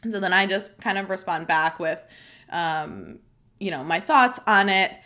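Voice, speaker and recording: Her voice is medium in pitch, expressive, bright and forceful, and she talks a little slowly. A young adult podcast host, she opens up emotionally and tearfully in a candid, chatty monologue, close-miked and heavy on fillers.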